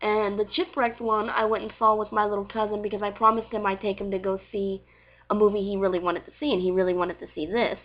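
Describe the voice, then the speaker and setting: A woman's voice: medium pitch, little pitch movement, fast talker, lo-fi sound. A young woman with a light Southern US accent, chatting casually through viewer questions in a rambling way, full of fillers. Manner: chatty, rambling, heavy on fillers like "like" and "you know". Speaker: vlogger answering viewer questions. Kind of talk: casual Q&A vlog.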